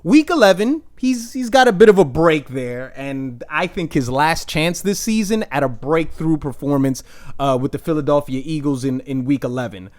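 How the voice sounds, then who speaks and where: Young adult man, slightly high voice. Casual, rambling fantasy league recap with crude trash talk. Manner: rambling, many restarts, crude jokes. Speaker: fantasy football league host.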